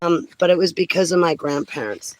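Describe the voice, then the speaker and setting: A middle-aged woman from New Jersey, telling stories in a chatty vlog, breaking into lively exclamations and laughs. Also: on the low side, brisk, no room sound, poor audio. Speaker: vlogger. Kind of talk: casual storytelling chat.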